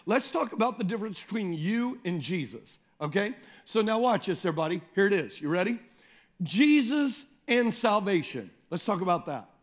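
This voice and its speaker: A man preaching a sermon as pastor, emphatic, repeating phrases, calling on the congregation and slowing down to read scripture. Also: high-pitched, very animated. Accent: Midwestern American. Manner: slows down and lifts the voice when reading scripture.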